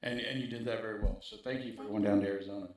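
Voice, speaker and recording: A man's voice: lowish voice, fairly even intonation, racing, darkish tone. A man speaking in a casual interview as a guest, making his points emphatically and checking in with "right?". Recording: very echoey room.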